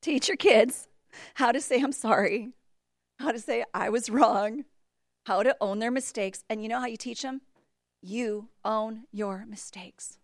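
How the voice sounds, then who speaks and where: A middle-aged woman giving a sermon to a congregation, telling stories that move between hushed asides and loud outbursts. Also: on the high side, normal speed, no room sound, clean studio sound. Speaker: church speaker and mother.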